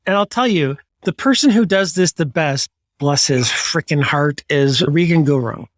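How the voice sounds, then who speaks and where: A man hosting a podcast interview, playful and teasing, with quick asides. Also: a little high, no room sound. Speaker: podcast host. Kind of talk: casual interview chat. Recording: dry, close sound.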